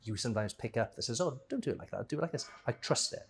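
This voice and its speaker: A man's voice: medium pitch, expressive, rapid-fire, creaky. A man speaking as a podcast guest in a casual conversation, rambling and thinking aloud, often restarting and correcting himself.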